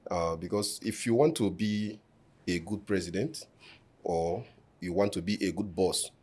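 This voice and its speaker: Answering an interviewer in a podcast studio, this election candidate speaks in a low, deep voice with a darkish tone and a breathy edge. He's measured and formal, stopping on fillers as he sets out each point.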